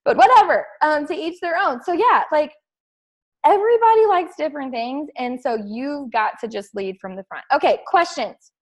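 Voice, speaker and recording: A woman, a fitness coach talking excitedly and casually to her team on a call, full of "like" fillers. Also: high-pitched, normal speed. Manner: chatty and excitable, heavy use of "like".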